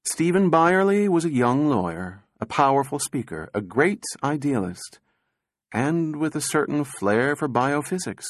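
A man voicing a sharp-minded female scientist with a dry, probing manner and a lifted voice. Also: on the high side, sing-song, a little slow, dry recording, pitched above the performer's own voice.

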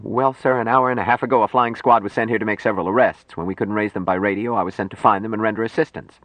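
A man's voice: on the low side, fairly even intonation, fast talker, fairly bright tone, no room sound, voice pushed up, close to an everyday voice. A man voicing a flustered young male military officer, stiff, nervous and formal.

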